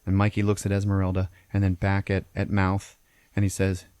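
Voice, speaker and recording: A man with a very low voice walks through a film plot casually, cursing freely and tagging lines with "okay?" and "all right?". The recording is dry and close. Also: completely flat delivery, fairly quick, darkish tone, clean tone, dry recording. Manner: profane, peppers lines with "okay?". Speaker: podcast host.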